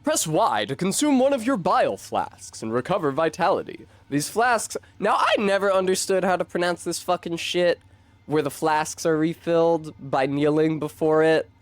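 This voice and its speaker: A man's voice: a little high, lively intonation, normal speed, no echo. A young man streaming a game, chatting casually, swearing and correcting himself as he rambles. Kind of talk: casual gameplay commentary.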